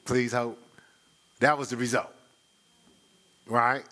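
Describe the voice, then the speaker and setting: A man's voice: mid-range voice, level tone, takes it slowly, sharp tone. A middle-aged man preaching a sermon as pastor, conversational and teasing his congregation.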